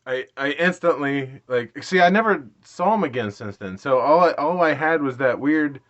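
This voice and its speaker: A man's voice: on the high side, expressive, normal speed, fairly bright tone. Laughing man telling a story, lo-fi. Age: 30s. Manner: rambling, self-deprecating, laughs often. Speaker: vlogger. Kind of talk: casual storytelling.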